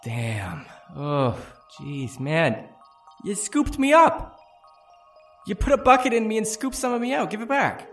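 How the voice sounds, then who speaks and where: A man's voice: sits high, big pitch swings, a little slow, a bit bright, faint music behind, voice pushed up, full character voice. A man voicing a sly, bored beast. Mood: playful. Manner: folksy, sprinkled with "jeez", playful and coaxing. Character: bored sly male beast, tempting and teasing.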